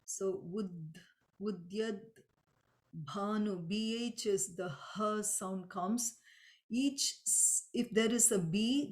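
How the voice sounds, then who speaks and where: A woman leads a spoken chant lesson at a very unhurried pace. Her voice sits at an ordinary middle pitch. She breaks each sound down with patient care and draws the chanted lines out long. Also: darkish tone. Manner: patient, explains pronunciation step by step; chants mantras slowly and drawn out. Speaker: Sanskrit chant teacher.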